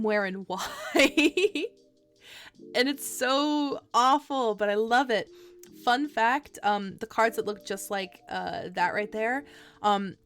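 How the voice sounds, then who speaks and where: A young woman streamer chatting casually as she reviews trading cards, gushing and giggly, rambling with lots of fillers. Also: mid-range voice. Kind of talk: casual chat.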